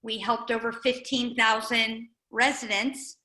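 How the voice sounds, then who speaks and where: A woman's voice: a little high, flat delivery, measured pace, sharp tone, roomy sound, rough recording. A woman giving an earnest, conversational update as a guest speaker at a community meeting. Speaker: guest speaker, nonprofit director. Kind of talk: informal update talk at a meeting.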